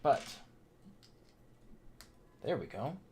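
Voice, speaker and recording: A man's voice: very slow, darkish tone. A middle-aged man hosting a casual livestream from home, rambling in a chatty way, laughing often and muttering to himself as he builds. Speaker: host of a theme park channel livestream. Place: his home.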